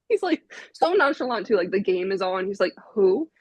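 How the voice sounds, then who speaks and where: A woman in her twenties, a podcast guest, telling a story in a casual, animated way, laughing often and using lots of fillers. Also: mid-range voice, normal speed, crowd noise. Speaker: podcast guest, vinyl collector.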